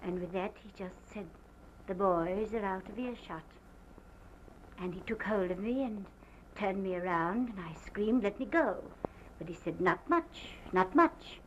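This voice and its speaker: An actress playing a distraught planter's wife who gives a halting, theatrical statement in an early sound film. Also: female voice, medium pitch, lightly acted. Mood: agitated. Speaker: witness giving a statement. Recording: muffled 1929 film sound with faint hiss.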